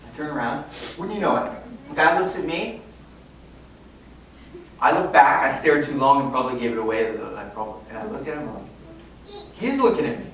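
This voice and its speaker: Animated woman preaching in an echoey hall. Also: a bass voice, a little fast, pauses often. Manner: animated, conversational, acts out dialogue. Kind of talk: storytelling sermon. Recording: echoey hall from far off, noisy.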